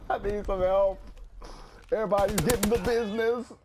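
An excitable male gamer talks over his own match in a high, lively voice that swoops up and down as he exclaims and laughs. He speaks at an unhurried pace. Loud game gunfire and explosions sit right under his voice. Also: noisy background. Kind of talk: live gameplay commentary.

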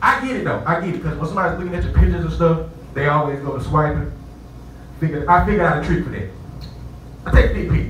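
A man's voice: on the high side, fast talker, long pauses, a little hiss or hum. Southern man doing profane stand-up. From Columbus, Georgia, US. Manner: loud, profane storytelling with voiced characters. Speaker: stand-up comedian. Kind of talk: live stand-up comedy set. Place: nightclub stage. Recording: echoey club from far off.

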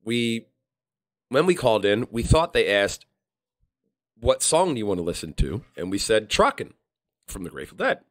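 A man's voice: lowish voice, very animated, normal speed, long pauses. A man, hosting a podcast and telling stories in casual chat, acting out quotes in shifting voices. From Philadelphia area. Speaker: podcast host.

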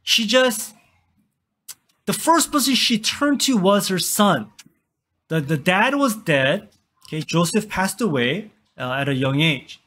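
A man's voice: sits high, sing-song, slow pace, a bit bright. A man preaching as a pastor, conversational, asking his listeners questions and answering them himself. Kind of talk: sermon.

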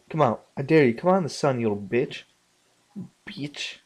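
A young man casually commenting on his game, muttering to himself and swearing loudly when things go wrong. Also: medium pitch, expressive. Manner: slow, muttering, swears often, bursts out loud at the game. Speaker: gaming channel host. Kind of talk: casual let's play commentary.

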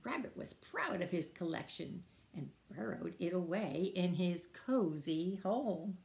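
Slow, lively storytime librarian. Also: female voice, fairly low pitch, creaky. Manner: slow, lively, questions to children. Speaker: children's librarian. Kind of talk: preschool storytime reading. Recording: echoey room.

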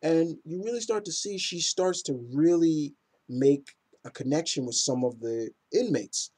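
A man's voice: a little high, a little slow, darkish tone, husky. A man casually reviewing comic books in a rambling, enthusiastic way with many fillers.

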